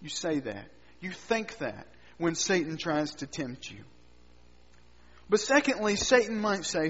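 High-voiced male preacher in reverberant hall. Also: very animated, a little slow, slightly rough. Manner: swings between loud emphatic lines and quiet low asides. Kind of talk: sermon. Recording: dull sound with long hall reverb.

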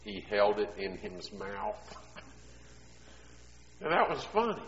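A middle-aged man delivers a sermon in a long, ringing hall, his voice slightly muffled and dull. He slips from easy storytelling into loud, emphatic preaching and back again. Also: lowish voice, sing-song, slow, gravelly, a little hiss or hum. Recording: echoey hall, dull sound.

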